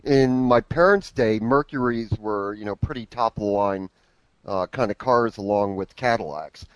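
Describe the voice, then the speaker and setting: A man from the United States in casual podcast chat, chatty and quick to laugh. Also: on the low side, no room sound, highs cut off. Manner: chatty, laughs often, lively storytelling.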